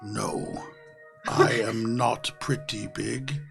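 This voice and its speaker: A man voicing a huge, timid male minotaur in a tabletop game, speaking in slow, hushed, broken phrases. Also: lowish voice, steady tone, vocal fry, over music, exaggerated voice. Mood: plain. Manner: slow, hushed, halting few-word phrases. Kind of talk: tabletop role-play voicing.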